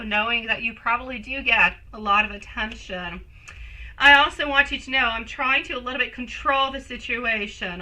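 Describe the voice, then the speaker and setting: A woman's voice: a little high, bright, forceful tone, low-quality recording. A woman hosting a live-stream tarot reading, chatting with viewers and calling them sweetie and my love. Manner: chatty, reads viewer comments aloud and answers.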